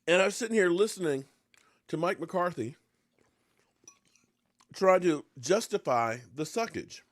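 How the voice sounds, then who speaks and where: A man hosting a sports talk show, joking and ranting as he snacks on pie. His voice drops into low mutters, then jumps up in excited outbursts. The recording is dry and close. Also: measured pace, no room sound. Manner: eating pie while talking. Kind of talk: casual sports rant.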